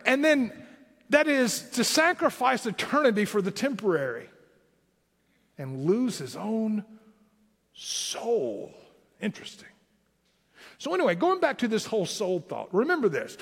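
A high-voiced pastor with a Southern Tennessee accent, preaching in an animated, swooping way. His sermon rings with a long hall reverb. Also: normal speed, creaky, breathy edge. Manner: animated preaching with emphatic rising lines.

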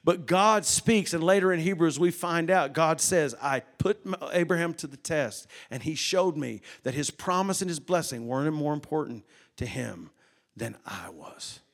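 Preacher guy, bit higher voice, goes quiet then builds up loud, keeps asking the crowd stuff. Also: expressive, normal speed. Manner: dynamic, swings from hushed to loud and emphatic; rhetorical questions to the congregation. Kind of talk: sermon.

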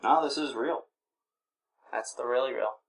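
A man's voice: medium pitch, normal speed, gravelly. A man co-hosting a podcast, laid-back and teasing, reading out news items in casual chat. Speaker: podcast co-host.

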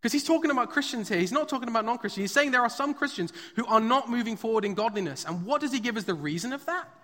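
A man preaching to a live congregation, with a high, bright voice. He tells stories casually and fills his talk with "like" and "kinda." His voice rings with the long reverb of a large hall. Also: animated, rapid-fire. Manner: conversational storytelling with frequent fillers. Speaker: pastor. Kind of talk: sermon. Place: church hall, live service.

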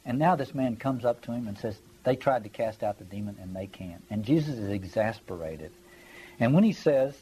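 Husky, dark-voiced man teaching scripture. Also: on the low side, expressive, normal speed, poor audio. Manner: conversational, emphatic, checks in with listeners. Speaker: Bible teacher. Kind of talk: Bible study lecture.

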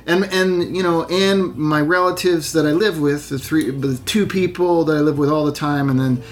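A man's voice: a little high, fairly even intonation, moderate pace, a little hiss or hum. A man who works as an actor, chatting casually and candidly on a video call, self-deprecating and full of restarts. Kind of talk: casual chat.

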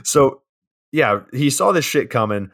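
Taking his time, a man co-hosting a podcast walks through a movie's plot in relaxed review talk, with frequent swearing. His voice is medium in pitch, animated and a bit bright.

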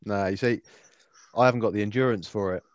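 A man's voice: lowish voice, quick pace, no room sound, dull audio. A man with an English accent co-hosting a podcast in casual, sweary, laid-back banter. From England. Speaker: podcast co-host. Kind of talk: casual chat.

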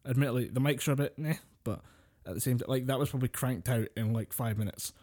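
A man's voice: mid-range voice, fast talker, darkish tone. A Scottish man co-hosting a podcast, chatting in an easygoing, agreeable way. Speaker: podcast co-host. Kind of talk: casual podcast chat.

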